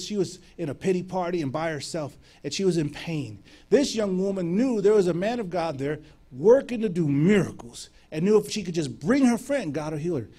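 High-voiced man telling a sermon story. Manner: animated storyteller acting out dialogue. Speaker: preacher.

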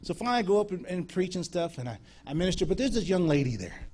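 Lively, laughing male preacher telling stories. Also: high-pitched, fast. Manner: animated storyteller, acts out voices, laughs often. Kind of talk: sermon storytelling.

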